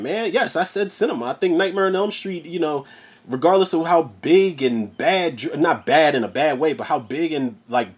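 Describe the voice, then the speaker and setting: A man's voice: fairly high pitch, dull audio. A man reviewing a horror film in a casual, rambling rant, swearing freely as he goes. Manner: profane, rambling, animated. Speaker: movie reviewer.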